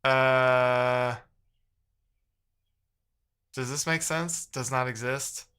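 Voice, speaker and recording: A man's voice: medium pitch, steady tone, extremely slow, pushed and bright, clean tone. Frustrated man muttering while coding. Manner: frustrated, muttering, reading chat aloud. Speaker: live-streaming developer. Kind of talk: casual live-stream chat while coding.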